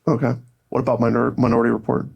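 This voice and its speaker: A man's voice: medium pitch, little pitch movement, racing, gravelly, slightly rough, muffled recording. A young man chatting casually as a podcast producer and fill-in host, jokey and laughing often. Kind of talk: casual chat.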